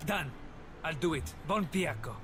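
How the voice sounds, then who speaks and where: A smug, scoffing crime boss. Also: male voice, a little high, animated, a little slow, noisy background. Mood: grudging. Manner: scoffing, laughs through his words. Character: smug mocking male crime boss, middle-aged. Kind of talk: game voice acting. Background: game music.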